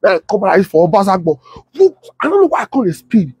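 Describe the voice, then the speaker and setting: A young man with a Nigerian Pidgin accent tells a comic tale with lively, animated delivery. His voice sits high and slightly husky. The sound is dry and close. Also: quick pace, no room sound. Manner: animated, laughs often, mimics sirens. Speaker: comedian storyteller.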